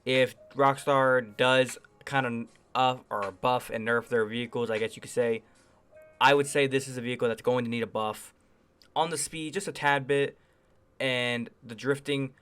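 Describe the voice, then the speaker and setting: A man gives a casual review on his gaming channel, his voice smooth and clear. He rambles in a loose, enthusiastic way and keeps softening his opinions with small hedges. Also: medium pitch, fairly even intonation, moderate pace, faint music behind. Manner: rambling, hedges often with "I would say"; enthusiastic, chatty. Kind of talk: casual gameplay review commentary.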